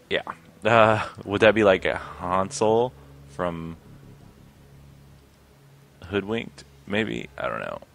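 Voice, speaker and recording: A man's voice: low-pitched, fairly bright tone. A man playing a computer game, commenting casually with self-mocking jokes. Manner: joking asides, self-mocking. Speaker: let's play gamer.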